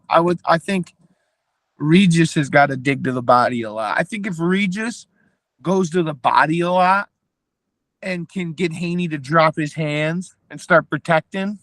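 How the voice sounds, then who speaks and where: A man's voice: a little high, a bit bright, dry recording. A man co-hosting a boxing podcast, talking through a fight plan in casual chat with many restarts. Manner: analytical, hesitant restarts. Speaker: podcast co-host.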